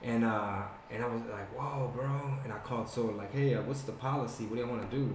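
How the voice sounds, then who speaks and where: A man chatting casually and telling stories, swearing often and animated. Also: medium pitch, quick pace, a little hiss or hum. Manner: profane, animated storyteller. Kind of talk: casual chat. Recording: echoey room.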